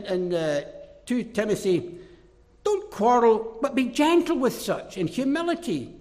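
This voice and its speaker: High-voiced emphatic male preacher in a hall. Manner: emphatic, swings from loud declarations to low mocking asides. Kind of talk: sermon. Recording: reverberant hall.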